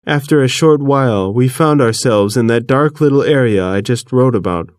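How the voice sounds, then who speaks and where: A man's voice: mid-range voice, moderate pace, no echo. Man narrating an audiobook, dry close sound. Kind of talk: first-person scripted narration.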